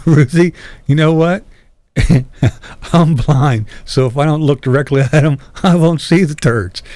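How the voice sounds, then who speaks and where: A man's voice: a little high, measured pace, darkish tone, dry recording. An older man hosting his own channel, chatting casually with viewers and answering their comments in a blunt, profane way, laughing often. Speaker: YouTube channel host.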